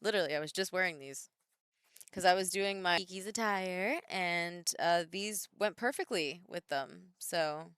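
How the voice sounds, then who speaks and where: A woman's voice: fairly low pitch, unhurried, a bit bright, clean tone, dry recording, studio quality. A woman in her thirties, a wrestler chatting casually on a live stream, reading viewer comments aloud and answering them at home.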